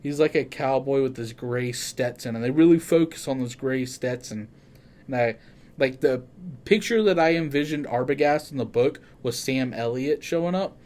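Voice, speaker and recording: An excitable man hosting a casual podcast. He swears freely and keeps stopping to correct himself. His voice sits at an ordinary mid pitch. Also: normal speed. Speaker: podcast host.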